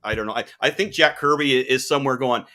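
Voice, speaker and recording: A man hosting a casual chat, enthusiastic and quick to laugh. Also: mid-range voice, pushed and bright. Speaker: host.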